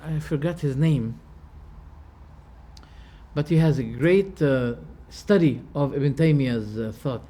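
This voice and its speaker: Mellow and mid-range, this man's voice moves slowly with long pauses as he gives a religious lecture. He explains terms by restating them plainly, and he challenges the class with rhetorical questions.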